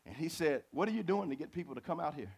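A middle-aged pastor preaching a sermon, swinging from low, chatty asides to high, fervent climbs. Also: male voice, expressive, quick pace, vocal fry, breathy edge.

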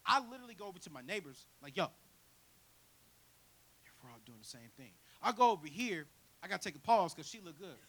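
A man preaching a storytelling sermon. His voice sits high and bright, and the pitch swings widely as he acts out each person in the story. A faint hiss runs under the recording. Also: brisk, pauses often. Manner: animated storytelling, building to loud fervent preaching.

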